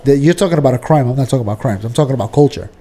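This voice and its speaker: Argumentative New York man, mellow voice. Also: medium pitch, animated, rapid-fire. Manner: argumentative, clears throat often, restarts sentences. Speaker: podcast co-host. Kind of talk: casual debate.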